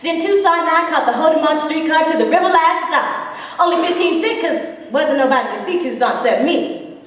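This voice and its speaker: An actress performing a theatrical monologue as a spirited woman recalling her defiant girlhood, swinging between hushed and bold. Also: high-pitched, animated, fairly quick. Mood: wistful. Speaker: stage actress. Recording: echoey hall, far from the mic.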